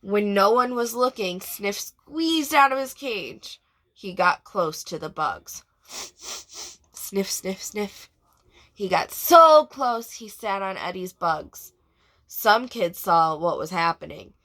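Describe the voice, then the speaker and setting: A woman, a preschool teacher, reading a storybook aloud to children in an expressive way and asking them questions. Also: medium pitch, slow.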